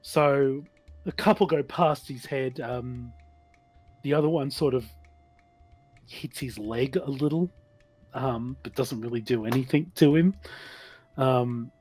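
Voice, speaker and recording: A man's voice: mid-range voice, takes it slowly, pauses often, darkish tone. A man with an Australian accent narrating a tabletop game as game master, hesitant and full of ums and sort-ofs.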